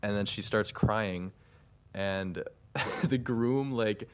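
A man's voice: on the low side, extremely slow, smooth, no echo. A young man telling a long story in a voice message, rambling with many fillers and laughing through it. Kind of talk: casual storytelling.

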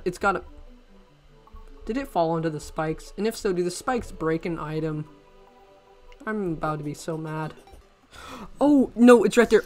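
A gaming channel host gives let's-play commentary in a voice that sits high. He is excitable and rambling, frequently bursting into panicked exclamations.

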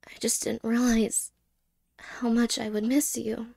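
A woman voicing an apologetic young ex-girlfriend in a whispered role-play, speaking haltingly and softly and slipping into whispers. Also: on the high side, flat delivery, gravelly. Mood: tender. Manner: halting, hesitant, soft-spoken with whispered words.

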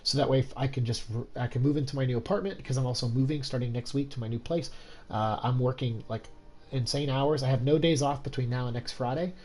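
A man's voice: mid-range voice, brisk, darkish tone, slight background noise, rough recording. Tired, stuffed-up young man streaming. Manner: keeping his voice down, rambling with many fillers. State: stuffed up with a cold; exhausted. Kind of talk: casual game-stream chat. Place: home room at night.

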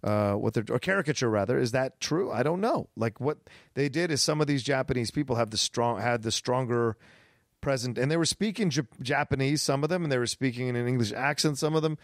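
An enthusiastic man co-hosting a casual podcast, thinking aloud and correcting himself as he goes. His voice sits at a middling pitch and sounds dry and close, with no room around it. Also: fairly quick, dry recording. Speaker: podcast co-host. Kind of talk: casual chat.

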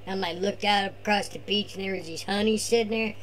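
A man's voice: high-pitched, fairly even intonation, fairly quick, fairly bright tone, a little hiss or hum. A man voicing his laid-back surfer-dude cousin, who drawls slacker talk and tags bruh and man onto every line.

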